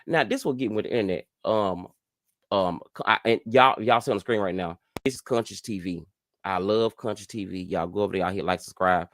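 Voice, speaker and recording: A man hosting a casual live stream, chatting to viewers and getting animated as he reacts to gossip. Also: a little fast. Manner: animated, chatty, jumps high in pitch when outraged. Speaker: host.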